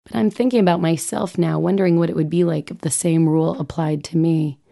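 A woman's voice: low voice, steady tone, brisk, vocal fry, warm tone. A woman, a mother, reading her own personal essay aloud with wry, self-mocking humor. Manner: wry, self-mocking, vividly comic phrasing.

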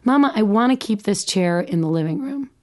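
A woman's voice: medium pitch, lively intonation, fairly quick, darkish tone, pitched above the performer's own voice, close to an everyday voice. A woman voicing an earnest, helpful eight-year-old boy who gives advice sagely and pleads, in a read memoir. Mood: pleading. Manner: sage, pleading.

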